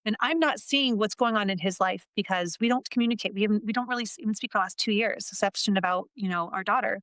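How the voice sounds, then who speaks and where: A woman's voice: on the high side, a little fast, few pauses, a bit bright, no echo. A woman guest on an interview podcast, talking earnestly about her life as an entrepreneur and coach and repeating phrases for emphasis. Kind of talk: casual interview talk.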